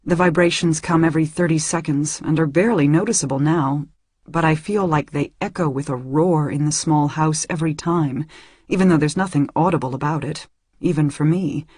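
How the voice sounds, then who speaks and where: Husky woman reading an audiobook. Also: deep voice, a little fast, darkish tone, dry recording, studio quality. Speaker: audiobook narrator. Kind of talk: first-person novel reading.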